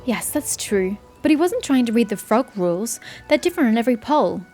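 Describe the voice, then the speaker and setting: A woman's voice: fairly high pitch, sing-song, brisk, warm tone, faint music behind. Woman doing a smug bookish gnome. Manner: dismissive, smug.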